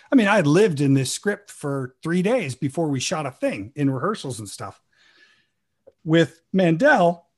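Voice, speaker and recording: A man guest actor telling lively stories and acting out quoted lines, with an improv comedy background. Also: on the high side. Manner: animated, acts out quoted lines with laughs. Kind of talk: casual storytelling.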